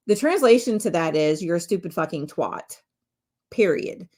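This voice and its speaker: A woman's voice: medium pitch, sing-song, unhurried, pauses often. A middle-aged woman hosting her own podcast as a spiritual medium, talking in a casual, candid way, swearing freely and laughing often. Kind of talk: casual solo podcast talk.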